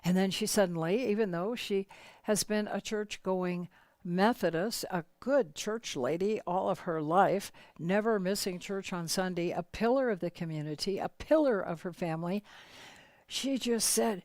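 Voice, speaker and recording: A woman's voice: mid-range voice, moderate pace, no echo. A woman leading a workshop, earnestly telling a story to teach a lesson. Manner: earnest, animated retelling.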